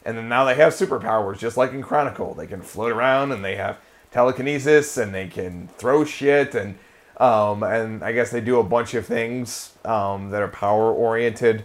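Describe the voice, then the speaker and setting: A man's voice: on the low side, moderate pace. A young man co-hosting a casual podcast, rambling through a recap with lots of swearing, fillers and restarts, often breaking into laughter. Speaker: podcast co-host recapping an episode. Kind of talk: casual chat.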